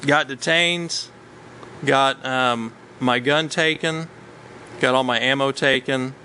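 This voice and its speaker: A man's voice: medium pitch, fairly even intonation, takes it slowly, pushed and bright, slight background noise, rough recording. A man casually recounting a hunting trip, rambling along with many ums and uhs. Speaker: hunter telling a story. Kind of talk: casual storytelling chat.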